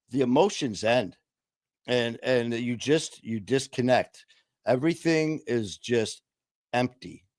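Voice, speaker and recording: A middle-aged man co-hosting a podcast, talking candidly and earnestly about recovery, mocking himself with quick acted-out quotes. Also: medium pitch, no echo. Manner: earnest, self-mocking, acts out his past self in quotes. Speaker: podcast co-host.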